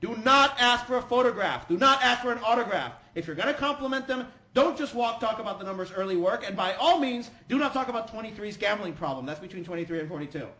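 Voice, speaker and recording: An actor playing an excitable male conspiracy radio DJ hosting a comic podcast, ranting mock-seriously. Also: high voice, quick pace, hardly any pauses, reverberant, rough recording. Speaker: radio DJ host.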